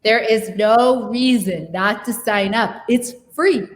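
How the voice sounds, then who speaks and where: Woman host on a video call, talks slow and easy, reacts big to the story. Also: a little high. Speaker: podcast host. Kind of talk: casual interview chat.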